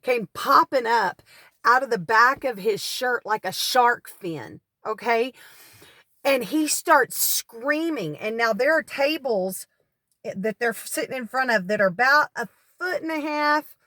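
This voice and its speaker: Woman minister, earnest animated testimony, higher voice, dry recording. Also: slow, dry recording. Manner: earnest, animated storyteller who acts out cries. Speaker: deliverance minister. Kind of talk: personal testimony storytelling. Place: parked car.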